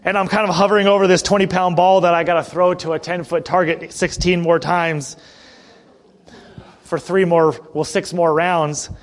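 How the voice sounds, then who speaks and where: A middle-aged man preaching a sermon in a conversational way, asking the congregation questions and often clearing his throat. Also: high-pitched, little pitch movement, normal speed. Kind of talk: sermon with personal story.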